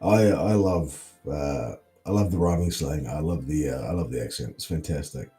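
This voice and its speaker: A man's voice: very deep voice, normal speed, warm tone, soft background music. A man co-hosting a late-night livestream, laid back and joking in casual chat. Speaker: stream co-host.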